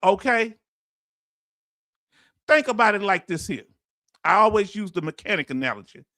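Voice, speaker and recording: A middle-aged man with a Houston accent, hosting a casual live stream, reading viewer comments aloud in a folksy, animated way and laughing often. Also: high voice, normal speed, no echo, studio quality. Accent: Houston, Texas.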